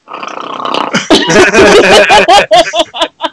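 A woman talking casually about a movie, swearing freely and acting out scenes in loud outbursts. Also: very high-pitched, extremely slow, very noisy. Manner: animated, swears freely, acts out scenes loudly.

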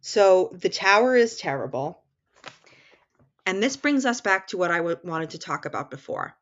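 A woman with a New York accent co-hosting a podcast, explaining a novel in an animated, explanatory way and laughing at her own slips. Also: lowish voice, normal speed, highs cut off. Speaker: podcast co-host. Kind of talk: casual literary discussion.

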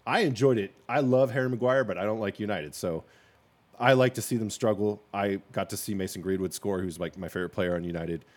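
A man's voice: on the low side, a little fast. A man co-hosting a casual sports podcast, talking in an opinionated, joking and rambling way.

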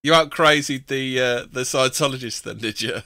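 A man's voice: medium pitch, normal speed, sharp tone. A man in a casual chat, speaking hesitantly with many ums.

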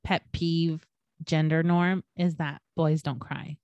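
A woman's voice: deep voice, little pitch movement, slow pace, darkish tone, no echo, highs cut off. A young woman co-hosting a podcast, telling stories in a casual chat full of fillers and swearing. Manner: swears freely, storytelling with lots of fillers. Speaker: podcast co-host.

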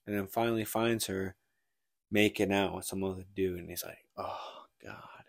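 Low-voiced man rambling through a story. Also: fairly even intonation, normal speed, no echo, clean studio sound. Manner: rambling storyteller, acts out the characters' lines. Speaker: podcast co-host. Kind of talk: casual chat, retelling a book plot.

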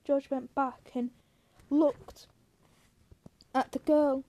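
High-voiced woman reading a novel aloud. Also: flat delivery, drawn-out words, dark tone. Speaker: reader.

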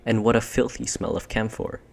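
A man's voice: on the low side, fairly quick, creaky, pitched above the performer's own voice. A man voicing a sulky, spiteful younger boy with a sly, resentful way of talking.

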